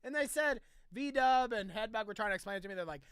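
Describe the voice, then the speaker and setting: An excitable co-host from Ohio with a Midwestern accent trades crude jokes on a podcast. His voice is bright and jumps around a lot in pitch. The sound is close and dry. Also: fast talker, clear, resonant tone, no echo. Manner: profane, excitable, riffing. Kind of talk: crude casual banter.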